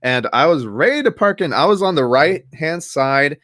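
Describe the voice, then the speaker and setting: A man's voice: a little high, animated, moderate pace, dry recording, studio quality. A young man co-hosting a podcast, rambling through stories in casual chat. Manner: rambling storyteller, acts out loud quoted shouts. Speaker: podcast co-host.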